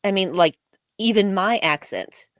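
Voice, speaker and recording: A woman's voice: mid-range voice, unhurried, no room sound, clean studio sound. A woman co-hosting a casual fan discussion, emphatic and opinionated with a playful lecturing streak. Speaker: co-host of a fan discussion show. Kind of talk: casual panel chat.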